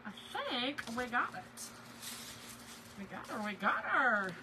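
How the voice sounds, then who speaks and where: A woman's voice: on the high side, expressive, measured pace, pauses often, noisy background. A middle-aged woman, chatting casually and laughing with live viewers while she crafts. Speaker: craft livestream host.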